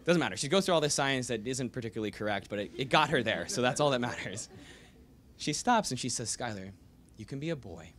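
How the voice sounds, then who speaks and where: Give me a young man telling a personal story to an audience, lively and animated, with a mid-pitched voice. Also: fast. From United States. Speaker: author giving a book talk. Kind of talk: storytelling talk to a live audience. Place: bookstore event room.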